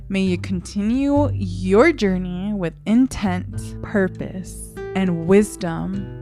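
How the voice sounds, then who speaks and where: A woman's voice: medium pitch, a little mellow. A woman hosting her own podcast, talking in a heartfelt, emotional way and laughing often. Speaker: podcast host. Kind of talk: solo podcast monologue.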